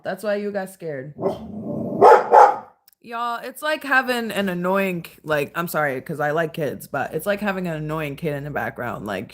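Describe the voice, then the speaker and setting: A chatty young woman talks on a casual livestream from home, her voice sitting a little low. She laughs often and scolds her clingy dog between comments. A dog can be heard nearby. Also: slight background noise. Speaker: livestream host.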